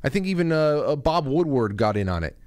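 A man's voice: a little high, very animated, brisk, darkish tone, clear, resonant tone, no room sound, clean studio sound. A male host giving angry, insulting, sarcastic political commentary, ranting about news clips.

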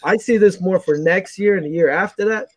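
A man giving opinions on a podcast in animated casual chat over a video call. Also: high-pitched, brisk, dry recording, rough recording. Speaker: podcast guest.

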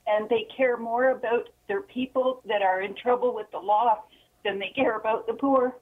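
A woman's voice: fairly high pitch, steady tone, moderate pace. An upset woman calling in to a radio talk show, trembling and close to tears as she speaks with indignant passion. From Ontario. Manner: impassioned, indignant. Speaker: caller. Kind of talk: call-in radio. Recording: phone line.

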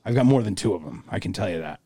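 A man co-hosts a casual podcast, joking and laughing easily as he talks into a boom mic. His pitch swings widely and lively across each line. The sound is close and dry, with no room echo. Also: fast talker, breathy edge. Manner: jokey, laughs often. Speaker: podcast co-host. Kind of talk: casual chat.

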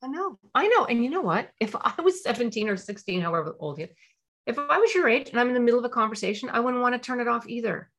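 A woman playing a mother who sets a phone rule for her teenager, with steady and caring delivery. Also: mid-range voice, fast, few pauses. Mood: calm. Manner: firm, then calm and soothing.

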